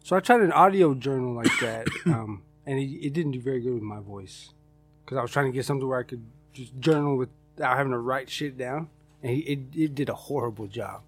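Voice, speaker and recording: A man chatting on a relaxed podcast, curious and easygoing, with a slightly husky voice at middle pitch. Faint music plays underneath. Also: a little fast. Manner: relaxed, curious, swears casually. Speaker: podcast co-host. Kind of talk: casual chat.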